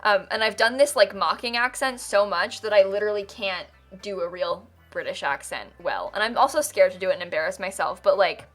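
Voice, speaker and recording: A young American woman chats to her stream in an easy, wandering way. She fills her sentences with "like" and laughs easily. Quiet music plays behind her at a middle pitch. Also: a little fast, hardly any pauses. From United States. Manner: chatty and rambling, fillers like "like", laughs often. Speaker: game streamer. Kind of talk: casual live-stream chat. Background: faint background music.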